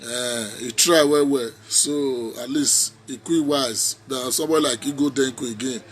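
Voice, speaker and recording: A man's voice: mid-range voice, fairly even intonation, measured pace, slight background noise. A man with a Nigerian Pidgin accent giving a preachy, repetitive, mocking political rant in a casual vlog. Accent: Nigerian Pidgin English speaker. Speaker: social media commentator.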